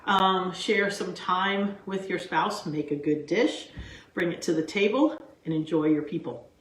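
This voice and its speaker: A woman hosting her own cooking show, chatting excitedly and wandering off on tangents, recorded in a kitchen. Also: fairly low pitch, a little slow, slight background noise. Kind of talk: casual cooking vlog chat. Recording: echoey kitchen room sound.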